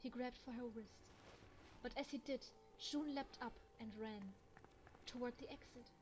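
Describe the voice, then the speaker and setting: A woman's voice: fairly high pitch, unhurried, a little hiss or hum, rough recording. A young German woman with a German accent, reading a visual novel aloud and reacting emotionally in between. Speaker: gaming let's player.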